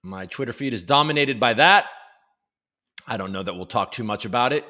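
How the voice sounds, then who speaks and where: A man's voice: medium pitch, expressive, brisk, pushed and bright. A man from the United States hosting a casual live stream from home, joking loosely and greeting chat viewers by name. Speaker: livestream host.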